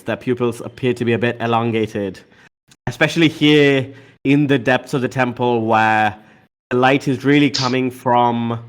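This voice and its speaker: A man's voice: medium pitch, clean tone. A man narrating as game master in a tabletop game, hesitant and full of fillers.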